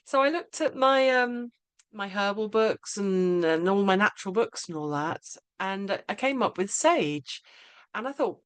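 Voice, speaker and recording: Middle-aged woman hosting a podcast, chatty, rambles through her stories, mid-pitched. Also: lively intonation, unhurried, clear, resonant tone, no echo. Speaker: podcast host. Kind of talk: casual chat.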